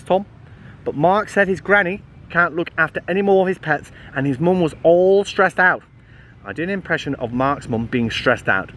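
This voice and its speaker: एक आदमी, ऊँची आवाज़ में बच्चों की कहानी पढ़ता हुआ, पीछे हल्का शोर. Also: male voice, fairly high pitch, a little hiss or hum. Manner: lively, playful read-aloud with asides and small slips. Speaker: storybook reader. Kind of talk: reading a children's book aloud.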